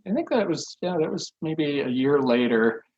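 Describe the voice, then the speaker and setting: A man's voice: fairly high pitch, expressive, moderate pace, darkish tone, lo-fi sound. A man in his sixties, a podcast guest telling rambling stories with lots of fillers and chuckles. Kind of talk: casual anecdotal storytelling.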